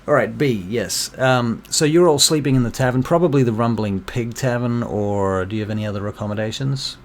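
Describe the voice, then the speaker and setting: A man with a hoarse, worn voice narrating as game master, rambling with fillers and self-deprecating asides. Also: medium pitch, brisk, slight background noise. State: losing his voice, clearing throat.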